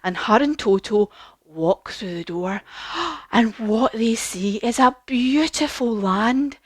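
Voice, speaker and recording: A woman leading a children's yoga class as a story, animated and encouraging, with gasps and questions. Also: on the high side, slow, no echo. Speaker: kids yoga teacher.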